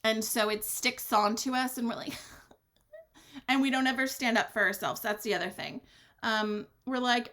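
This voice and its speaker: A woman hosting her own podcast, talking alone in a blunt, sassy way, swearing freely and swinging her pitch for drama. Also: moderate pace, fairly bright tone. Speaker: podcast host. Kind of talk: candid solo podcast monologue.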